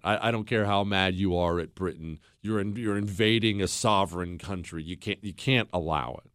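A man's voice: deep voice, normal speed, a bit bright, clear, resonant tone, no room sound, clean studio sound. A man hosting a podcast, telling history in a blunt, opinionated way, mocking people and acting out quotes. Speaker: podcast host.

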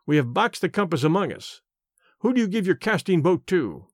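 A man reading the part of a bluff police inspector, hearty and confident and quick to exclaim. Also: high voice, very animated, no echo, studio quality, heavily acted. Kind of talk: audiobook character reading.

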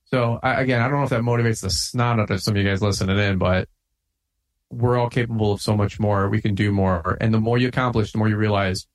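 A man's voice: fairly low pitch, fairly even intonation, fast talker. A middle-aged man, a guest on a podcast, talking in an intense, fired-up way, with lots of "like" and "man". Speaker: podcast guest, lawn care business owner. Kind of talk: casual podcast conversation.

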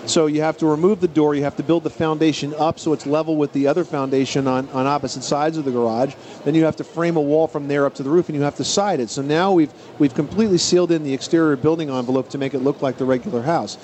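Brisk, knowledgeable man hosting a radio show. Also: a little high, fairly even intonation, a little mellow. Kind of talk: radio call-in advice show.

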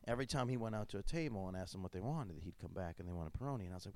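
A man's voice: low voice, expressive, racing, few pauses, a little mellow, no room sound. A man hosting a casual chat, a crude, joking storyteller who restarts his sentences a lot. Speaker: podcast host.

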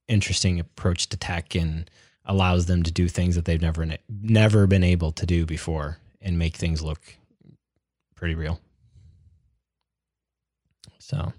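A man's voice: sits low, darkish tone, dry recording, studio quality. A young man chatting casually as a podcast co-host, rambling with lots of fillers and restarts. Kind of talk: casual chat.

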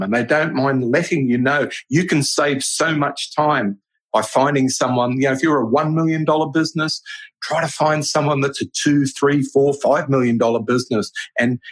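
A man's voice: mid-range voice, slightly rough, poor audio. A middle-aged man, a business owner, answering podcast interview questions in an earnest, rambling way with many restarts. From Australia.

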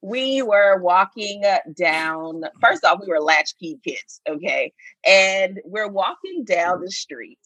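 A woman in her thirties from Atlanta, telling a childhood story in a lively, profane way as a guest. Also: mid-range voice, slow pace, dry recording, poor audio. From Atlanta, USA. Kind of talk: casual storytelling.

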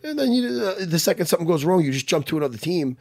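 Animated, profane man. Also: fairly high pitch, fast talker, gravelly. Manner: animated, profane, lively storytelling. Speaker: podcast guest, jiu-jitsu instructor. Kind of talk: casual chat.

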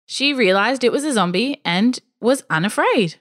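Expressive woman reading a spooky story. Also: fairly high pitch, normal speed. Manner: expressive, dryly wry first-person telling. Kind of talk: scripted story narration.

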